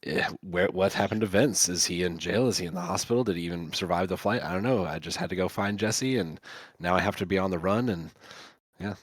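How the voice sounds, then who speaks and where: A man with a very deep voice argues his point on a podcast with playful, mock-dramatic flair. The sound is close and dry. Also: brisk, husky, no room sound. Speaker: podcast co-host. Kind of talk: casual movie discussion.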